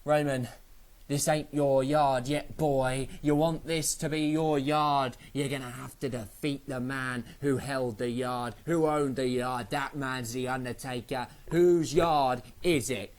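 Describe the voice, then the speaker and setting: An imposing wrestler speaks in slow, deliberate, menacing tones, taunting a rival, as a British reviewer puts him on. Each phrase is drawn out for weight. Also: male voice, medium pitch, fairly even intonation, close to an everyday voice.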